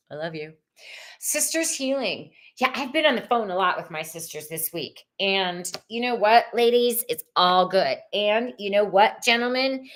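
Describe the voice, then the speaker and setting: Upbeat woman reading tarot live. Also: mid-range voice. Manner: upbeat, chatty, with sudden excited squeals; repeats phrases like mantras. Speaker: tarot reader host.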